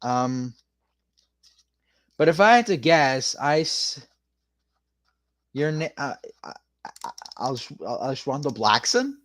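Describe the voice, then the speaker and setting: A man's voice: medium pitch, big pitch swings, slow, pauses often, fairly bright tone. A man streaming casually, loosely freestyle rapping and answering chat with lots of rambling fillers.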